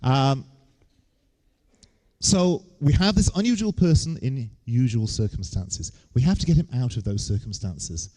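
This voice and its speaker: A man's voice: medium pitch, expressive, unhurried, mellow. A man, giving a humorous lecture on stage with wry, joking asides. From England.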